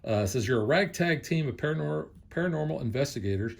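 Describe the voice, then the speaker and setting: A middle-aged man in a casual board game review chat, explaining rules in a relaxed way with plenty of ums and uhs. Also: a little high, fast talker, gravelly. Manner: relaxed, explanatory, filler-heavy.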